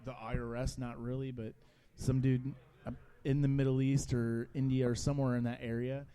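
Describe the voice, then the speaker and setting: Man, radio co-host, casual chat, animated storyteller, laughs often, mellow tone. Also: medium pitch, moderate pace, clear, resonant tone.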